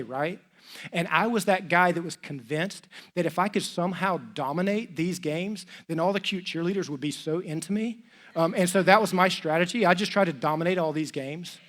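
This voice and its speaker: Chatty storytelling pastor, man, higher voice. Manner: lively, chatty, acts out dialogue with many "like"s. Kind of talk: storytelling sermon. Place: church stage.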